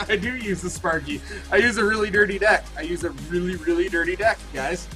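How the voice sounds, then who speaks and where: A man in his thirties telling a story to his Twitch chat, rambling and excitable with lots of restarts. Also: sits high, brisk, faint music behind, poor audio. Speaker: Twitch streamer. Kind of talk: casual storytelling to stream chat.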